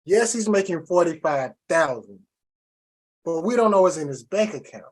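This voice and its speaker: Husky-voiced man hosting a podcast. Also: a little high. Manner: animated, teasing, fast Southern slang. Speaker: podcast host. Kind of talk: casual podcast chat.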